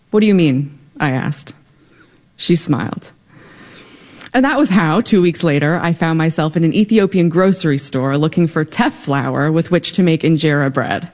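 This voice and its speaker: Wry young woman telling a story. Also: on the low side. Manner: wry, lively, comic timing. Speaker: storyteller at a live event. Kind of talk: live personal storytelling.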